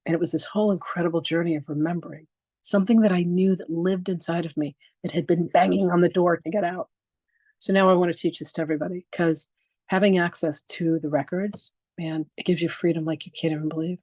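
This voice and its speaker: A woman's voice: fairly low pitch, steady tone, brisk, darkish tone, no echo. A woman in her sixties teaching a live online masterclass on spiritual practice. She tells stories with animation, acts out quoted exchanges, and speaks frankly and emphatically, sometimes swearing. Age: 60s.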